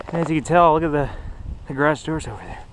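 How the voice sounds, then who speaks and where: A man out of breath, narrating a handheld vlog as he struggles through deep snow outdoors. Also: fast, poor audio. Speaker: vlogger. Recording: loud wind noise outdoors.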